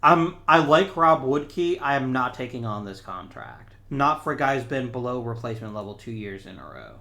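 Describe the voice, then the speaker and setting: A man's voice: medium pitch, big pitch swings, moderate pace, sharp tone. A man hosting a gaming channel, thinking aloud in casual let's-play commentary and talking to the players on screen.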